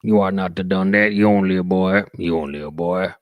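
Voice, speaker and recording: A man doing an impression of a slow-witted backwoods man with a low, grunting drawl. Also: dry recording, highs cut off, lightly acted. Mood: grim.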